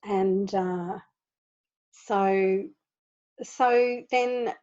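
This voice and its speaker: A woman leading a spiritual discussion over a video call. She speaks at a middling pitch, earnest and animated, and she laughs often. The audio is slightly dull and lo-fi. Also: drawn-out words. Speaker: spiritual group leader. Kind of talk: informal spiritual talk.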